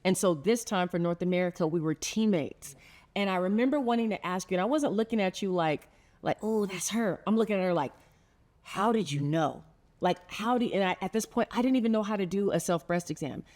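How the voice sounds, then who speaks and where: A middle-aged woman with a mid-range, darkish voice talks fast while hosting a heartfelt sit-down podcast conversation. She tells a story earnestly and laughs often.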